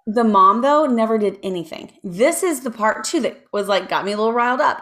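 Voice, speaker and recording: A woman's voice: fairly high pitch, expressive, a little fast, hardly any pauses, fairly bright tone. Woman on a podcast rambling thru a crime story, ums and side comments, casual. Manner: chatty, lots of ums and asides, reads from notes. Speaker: podcast co-host telling a true crime story. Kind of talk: casual chat.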